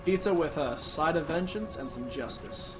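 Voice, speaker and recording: A man's voice: a little high, expressive, normal speed. Rambling male streamer over music. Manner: rambling, chatting with viewers and cheering on the game. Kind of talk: casual live-stream commentary. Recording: game music playing behind. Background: game music.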